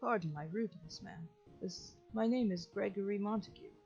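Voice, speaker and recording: A woman's voice: medium pitch, normal speed, a little mellow, close to an everyday voice. A woman voicing a kind, humble male farmer who speaks courteously, with old-fashioned phrasing. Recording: lo-fi with faint game music.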